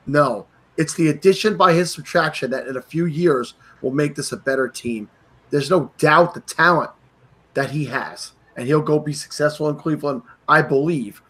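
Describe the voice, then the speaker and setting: A man's voice: on the high side, normal speed, fairly bright tone, slightly rough. A man hosting a casual sports podcast, opinionated and emphatic. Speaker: podcast host. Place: New York.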